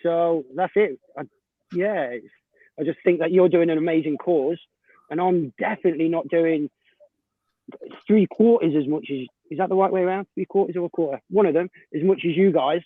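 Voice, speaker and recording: A man's voice: fairly high pitch, a little fast, no room sound. Tinny-sounding man on a video call. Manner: warm, self-deprecating, laughs often. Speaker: website volunteer, regular guest. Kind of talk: casual video call chat. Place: home in Australia.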